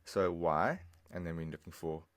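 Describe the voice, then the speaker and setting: A man teaching a language lesson over a screen recording, patiently explaining and repeating phrases slowly, step by step. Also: low-pitched, smooth.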